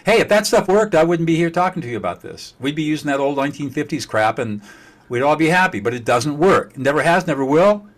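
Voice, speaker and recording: A man speaking as a guest expert on communication, blunt and forceful, repeating words for emphasis and cursing at times. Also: on the high side, lively intonation, fast. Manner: slightly profane. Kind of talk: emphatic conversation.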